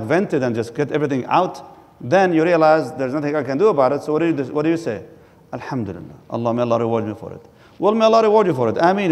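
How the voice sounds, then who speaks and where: A man's voice: on the high side, darkish tone. A male Islamic scholar giving a religious lecture, asking and answering his own questions and reciting Arabic passages. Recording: hall with long reverb.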